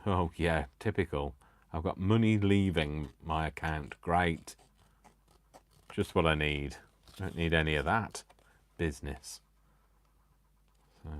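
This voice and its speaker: Male craft host, very low register, casual live chat, jokes at his own expense. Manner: chatty, self-mocking, jokes to himself and the viewers.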